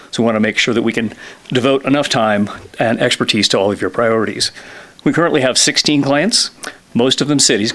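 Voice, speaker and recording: A man in his fifties, a lobbyist giving a presentation to a town council, a little out of breath, often clearing his throat and pausing with fillers. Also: mid-range voice, fairly bright tone. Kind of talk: formal presentation. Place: council chamber.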